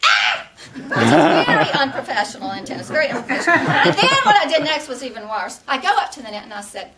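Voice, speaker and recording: A woman's voice: on the high side, big pitch swings, fast talker, distant mic, very noisy. A middle-aged woman from Texas, giving a humorous tall-tale speech and laughing through her punchlines. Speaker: contest speaker.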